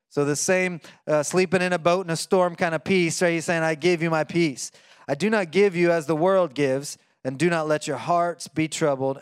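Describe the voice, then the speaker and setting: Middle-aged guy preaching, high smooth voice, gets loud then drops way down. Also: dry recording, studio quality. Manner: animated, rises to near-shouting when quoting. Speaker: pastor. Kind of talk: sermon.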